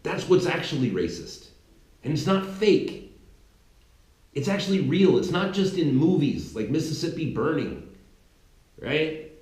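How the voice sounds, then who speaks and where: A man's voice: medium pitch, darkish tone. A man in his thirties giving a rambling, mocking political commentary monologue, full of restarts and fillers. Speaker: commentary channel host. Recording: roomy echoey room.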